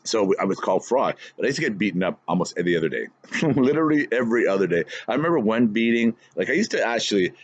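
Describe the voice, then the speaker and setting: Middle-aged guy rambling on his podcast, really low voice, kinda dull lo-fi sound. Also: sing-song, fast, dry recording. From Canada. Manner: rambling, repeats words and restarts, laughs between lines. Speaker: podcast host. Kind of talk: casual monologue.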